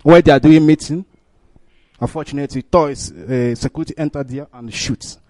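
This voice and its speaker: A man's voice: fairly high pitch, fairly even intonation, moderate pace, mellow, dry recording. A man from Imo State with a Nigerian accent, calling in to a radio meeting and speaking in earnest, broken English. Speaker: caller.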